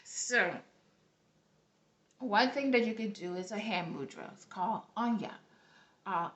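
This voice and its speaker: A woman with a medium-pitched, fairly bright voice and a light accent, which she notes herself, speaks at a measured pace in a roomy, dull lo-fi recording. As a spiritual vlogger offering casual teaching to her viewers, she's earnest, repeats herself, and often checks in with "okay?"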